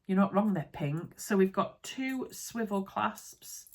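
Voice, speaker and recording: A woman with a Yorkshire accent, chatting casually to camera in her home sewing room while unboxing supplies, bubbly and easily excited. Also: medium pitch, slow. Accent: Yorkshire English. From Yorkshire, England. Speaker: sewing vlogger.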